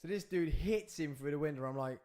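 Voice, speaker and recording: A man, hosting a podcast and telling a story in an animated, excitable way, with big swings in pitch and loudness as he acts out the scenes. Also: brisk. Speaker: podcast host.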